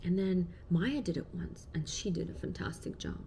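A woman's voice: lowish voice, expressive, moderate pace, creaky, warm tone, slight background noise. A woman in her thirties, a parent vlogger talking casually and reflectively to camera with many fillers.

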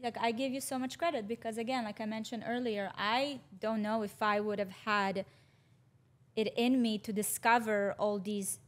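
A woman's voice: fairly high pitch, fairly even intonation, normal speed. A woman who creates online content, talking as a podcast guest, reflective and often checking in with "right?". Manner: reflective, tag questions with "right?". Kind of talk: casual podcast conversation.

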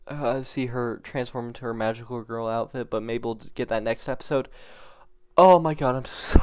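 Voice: mid-range voice, normal speed, clear, resonant tone. A reaction channel host talking casually to viewers while watching anime, rambling and gushing with emotion, voice picked up by a camera mic. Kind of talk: casual reaction vlog commentary.

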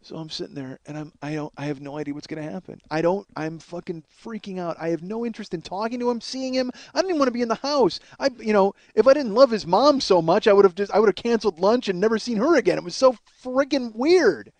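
Animated, high-voiced comedian spinning a story. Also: male voice, quick pace, few pauses, no echo. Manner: animated, swears freely, flustered retelling. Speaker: comedian host. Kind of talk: comic storytelling monologue.

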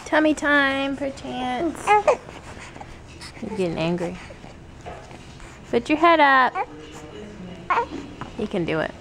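A woman's voice: high voice, takes it slowly, long pauses, fairly bright tone, faint music behind. A young woman vlogging casually, chatting and playing with her toddler in a sing-song way. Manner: chatty, playful baby talk with her toddler. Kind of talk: casual family vlog.

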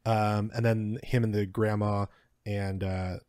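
Relaxed male co-host, lowish voice, wry asides, dry sound. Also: a little slow, no room sound. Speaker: podcast co-host. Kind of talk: casual podcast chat.

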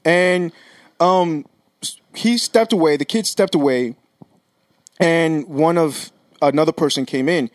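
A man's voice: on the high side, a little slow, long pauses, no room sound, studio quality. A man in casual podcast talk, rambling through anecdotes, swearing freely and restarting sentences. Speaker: podcast co-host.

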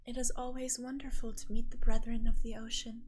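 A woman gives voice to an enchanting island lady in a tabletop game, sweet and gentle and a little above the usual pitch. She flatters every traveler she meets in a hushed, honeyed way. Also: a little fast, a little hiss or hum, lightly acted. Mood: sweetly gracious. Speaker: character voiced by the game master.

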